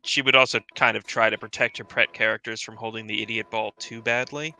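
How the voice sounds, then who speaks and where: A man's voice: fairly low pitch, steady tone, brisk, creaky, bright, forceful tone, rough recording. A man in casual chat about fiction, rambling and swearing often.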